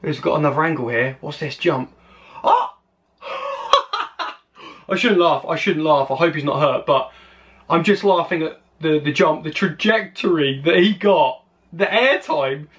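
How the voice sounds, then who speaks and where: A British man hosting his channel, giving excitable reaction commentary on crash videos and exclaiming at each clip. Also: on the high side, normal speed. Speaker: channel host.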